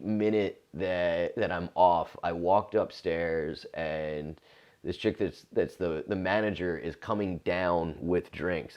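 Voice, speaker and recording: A man's voice: sits low, dull audio. A man in his forties, a comedian, telling a loose, profane story with lots of restarts in a casual monologue. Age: 40s. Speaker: comedian and podcast host.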